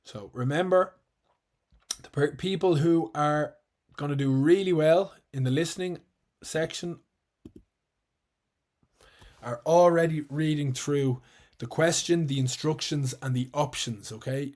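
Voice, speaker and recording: A man's voice: on the high side, a little mellow. Irish man teaching a patient lesson. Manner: clear, patient explaining, repeating words slowly. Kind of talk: online exam-prep lesson.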